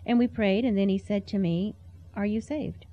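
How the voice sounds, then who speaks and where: A woman's voice: medium pitch, moderate pace, highs cut off. A woman sharing a heartfelt personal testimony in an earnest, storytelling way. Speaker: interview guest.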